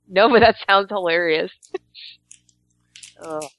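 A woman's voice: lowish voice, slow pace, fairly bright tone, no room sound. A woman co-hosting a casual comedy podcast, giggly and trailing off mid-thought. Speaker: podcast co-host.

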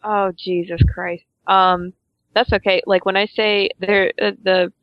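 A woman's voice: mid-range voice, level tone, a little slow, clear, resonant tone, no echo, dull audio. A woman with a slight non-native accent in casual chat, giggly and self-conscious about how she pronounces words.

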